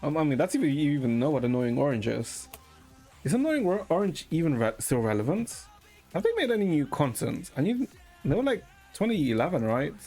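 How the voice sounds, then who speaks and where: A man streaming and chatting casually with a deadpan manner, swearing often. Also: on the high side, fairly quick, soft background music.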